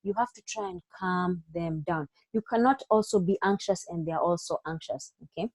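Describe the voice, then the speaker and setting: A woman's voice: lowish voice, moderate pace, no room sound. A woman teaching an online exam-prep lesson for doctors, giving step-by-step advice and checking in with frequent "okay?". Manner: acts out doctor and patient lines in her own voice. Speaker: medical exam tutor.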